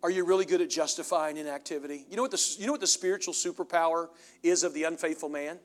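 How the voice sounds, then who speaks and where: A middle-aged pastor preaching a sermon, swinging from loud preaching to low, confessional storytelling. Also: male voice, fairly even intonation, fast talker. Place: church sanctuary.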